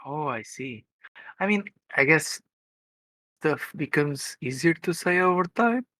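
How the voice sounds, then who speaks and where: Brief: co-streamer, mid pitch, stammering hesitant chat, dry sound. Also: expressive, a little slow, a bit bright, no room sound.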